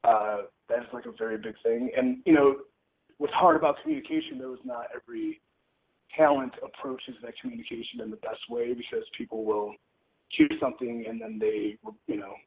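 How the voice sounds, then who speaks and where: A man's voice: mid-range voice, wildly swooping pitch, a little fast, gravelly. A man, a pro wrestler, answering reporters' questions on a conference call in a candid, wry way, joking about himself over a telephone line. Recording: tinny phone line with faint noise.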